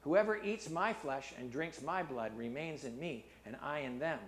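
A man with a fairly high voice preaching a sermon. He drops low and soft for the scripture passages, then lifts his voice loud and animated when he drives a point home. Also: normal speed, slight background noise. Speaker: pastor.

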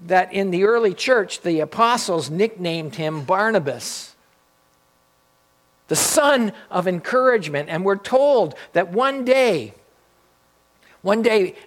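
A man's voice: sits high, animated, slow pace, long pauses, a bit bright. A male pastor preaching a sermon in a storytelling way, often repeating and restarting his phrases. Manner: storytelling, with frequent restarts and repetition.

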